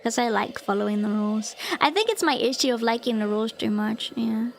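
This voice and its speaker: A woman streamer chatting casually, reading a text aloud and breaking off with giggles, fillers and squeaky bursts of disbelief. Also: a little fast, gravelly, a little hiss or hum. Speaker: VTuber streamer.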